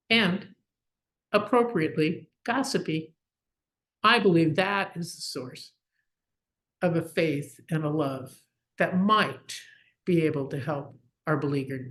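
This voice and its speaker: Nun on a panel, slow and earnest, leans on her words. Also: fairly low pitch. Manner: earnest, deliberate, emphatic. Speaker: panelist, religious sister. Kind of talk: closing a prepared reflection.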